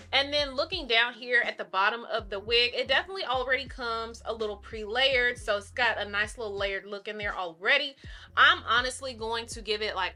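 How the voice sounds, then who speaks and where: A woman's voice: a little high, pushed and bright. A young adult woman vlogger chatting casually and upbeat while she styles a wig, calling her viewers y'all. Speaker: beauty vlogger. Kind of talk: casual get-ready-with-me chat.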